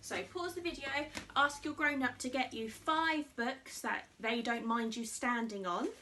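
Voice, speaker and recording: Bright-voiced woman coaching little kids. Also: a little high, unhurried, far from the mic, a little hiss or hum. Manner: cheerful, coaxing, sing-song cues to young children. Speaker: children's martial arts instructor. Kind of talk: kids' exercise class led to camera.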